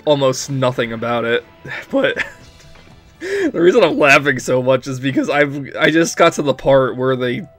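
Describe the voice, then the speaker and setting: A man's voice: mid-range voice, big pitch swings, a little slow, fairly bright tone, soft background music. Young male let's-player, mid-range voice, rambling casual delivery, prone to giggles. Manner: rambling, frequent "like", giggly laughing fits. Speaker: let's play commentator. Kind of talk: casual gameplay commentary.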